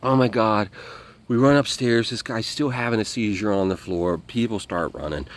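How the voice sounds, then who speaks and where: A man telling a story as an interview guest, animated, acting out what people said and swearing freely. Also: fairly low pitch, moderate pace. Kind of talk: casual storytelling.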